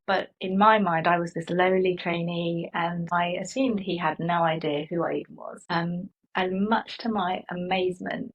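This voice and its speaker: Middle-aged woman guest, husky voice, animated storyteller who acts out the voices of others. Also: on the low side, rough recording. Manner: animated, acts out quoted dialogue. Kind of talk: conversational storytelling.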